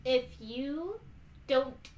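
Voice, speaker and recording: Woman gently scolding, high voice. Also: animated, extremely slow, roomy sound, a little hiss or hum. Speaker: player. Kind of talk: playing a tabletop game in character.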